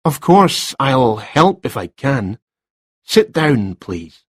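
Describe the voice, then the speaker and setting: A man's voice: medium pitch, sing-song, slow, slightly rough, no room sound, clean studio sound, pitched above the performer's own voice, exaggerated voice. A man reading a story, voicing a flustered, distracted male writer who talks hesitantly.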